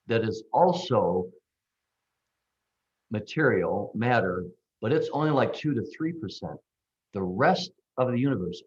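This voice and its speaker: Low-voiced man musing over dull call audio. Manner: measured, playful, emphatic on key words. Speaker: call participant. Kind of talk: reflective talk on a group call.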